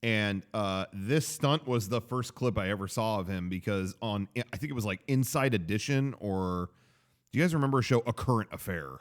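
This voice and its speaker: A man co-hosting a casual movie podcast, relaxed and laughing along, telling a childhood memory in rambling asides. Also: fairly low pitch, normal speed. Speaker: podcast co-host.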